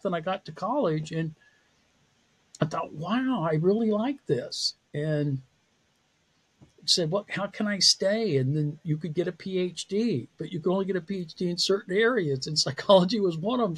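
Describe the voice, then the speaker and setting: A psychology professor appearing as a podcast guest recounts his career story with candor and self-deprecation, laughing often. His voice is fairly high with a breathy edge.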